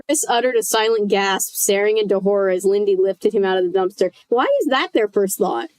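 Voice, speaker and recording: A woman's voice: mid-range voice, brisk, darkish tone, no echo. A woman reading a children's horror book aloud casually, with chatty joking asides.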